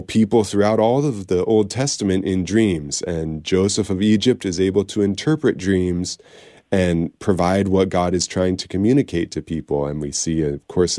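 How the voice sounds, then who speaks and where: A man hosting a call-in radio show, slightly under the weather, answering callers in a lively way with many restarts. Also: deep voice, no room sound, clean studio sound. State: slightly ill, recovering cold. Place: radio studio.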